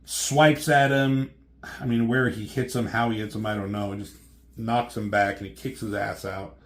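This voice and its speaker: A man with a fairly low voice talks through a comic book plot in a loose, casual way. He swears freely and keeps stopping and restarting with ums as he goes. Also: steady tone, moderate pace, fairly bright tone. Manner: rambling, profane, many ums and restarts.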